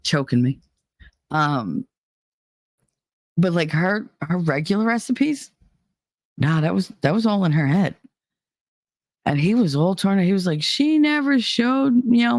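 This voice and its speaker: A woman in her thirties chats casually on her channel from a home room with a heater, her low-sitting voice carrying no room sound. As host, she's blunt and profane and laughs often.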